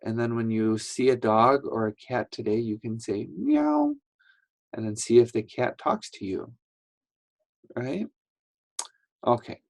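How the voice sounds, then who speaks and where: Slow, patient male teacher. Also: medium pitch. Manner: patient, repeats words, acts out sounds. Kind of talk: slow English lesson for young learners.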